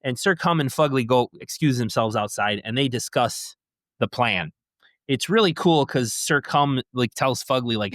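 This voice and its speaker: A man's voice: mid-range voice, lively intonation, moderate pace, a bit bright, no echo. Dry-sounding man retelling a plot. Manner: rambling plot retelling, acts out quotes. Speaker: podcast co-host. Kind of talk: casual movie recap chat.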